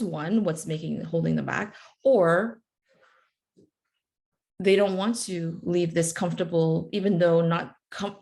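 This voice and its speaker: A woman's voice: mid-range voice, a little mellow. A woman speaking on a webinar video call, telling stories in a casual, chatty way with many fillers. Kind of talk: casual storytelling in a motivational webinar.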